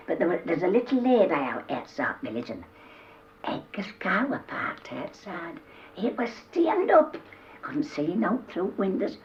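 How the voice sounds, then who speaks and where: An older Yorkshire woman spins comic dialect tales, lively and acting out each character. Her voice sits a little low. The recording is a dull old cassette with a roomy echo. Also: slight background noise. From Yorkshire, England. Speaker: dialect storyteller. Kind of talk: telling humorous dialect tales.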